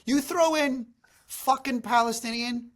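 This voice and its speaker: A man's voice: very high voice, unhurried, a bit bright. Male podcast host, casual, joking, self-deprecating, loose profanity. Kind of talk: casual chat.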